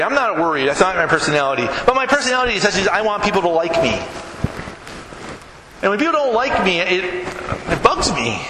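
A man preaching as a pastor, telling a story conversationally and acting out both sides of the dialogue. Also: sits high. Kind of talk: sermon storytelling. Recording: echoey hall with background noise.

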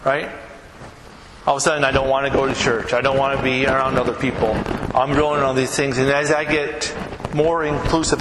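A man preaching a sermon in a church, conversational and earnest, often checking in with the congregation. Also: medium pitch. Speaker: pastor. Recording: echoey hall with background noise.

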